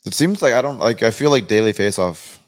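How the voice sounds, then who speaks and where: A low-voiced man chats casually as a podcast co-host. He sounds relaxed and easygoing, often backing up the other speaker with short replies and laughs. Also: brisk. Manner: laid-back, short agreeing replies and laughs. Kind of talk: casual chat.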